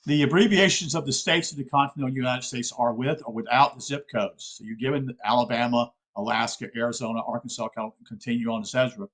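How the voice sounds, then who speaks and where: A man's voice: mid-range voice, fairly even intonation, fast talker, hardly any pauses, fairly bright tone, rough recording. A man from South Carolina giving an informal, earnest spoken lecture, often checking in with his listeners. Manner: earnest, addresses listeners as folks, frequent okay checks.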